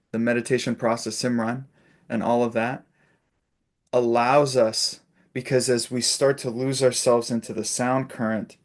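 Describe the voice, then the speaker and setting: A man facilitating a spiritual discussion on a video call, telling stories and acting out little quotes with laughs. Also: medium pitch. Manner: warm storytelling with laughs and acted-out quotes.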